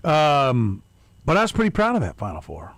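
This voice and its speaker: A man's voice: medium pitch, huge pitch swings, moderate pace, fairly bright tone, dry recording. Teasing middle-aged male radio host. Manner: teasing, chatty. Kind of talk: casual radio banter.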